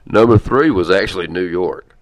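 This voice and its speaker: A man hosting a podcast, chatting casually in a rambling, halting way with lots of fillers. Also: low-pitched, expressive. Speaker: podcast host. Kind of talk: casual chat.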